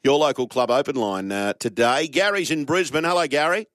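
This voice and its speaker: A man's voice: mid-range voice, fairly quick, a bit bright, no echo. An Australian man hosting a sports radio show, bantering with co-hosts and reading out the league ladder in a teasing way. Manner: teasing, reads out ladder standings.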